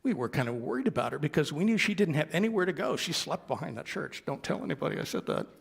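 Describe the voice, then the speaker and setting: A minister telling a gentle anecdote in a sermon, quoting the people he met along the way. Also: on the high side, sing-song, fast talker, gravelly, slightly rough. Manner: gentle anecdotal storytelling with quoted dialogue. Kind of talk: storytelling sermon.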